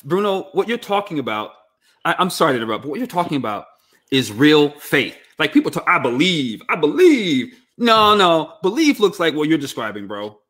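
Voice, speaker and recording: A man's voice: on the high side, very animated, fairly quick, a bit bright. A man hosting a live interview, encouraging his guest with many short backchannels. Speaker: host.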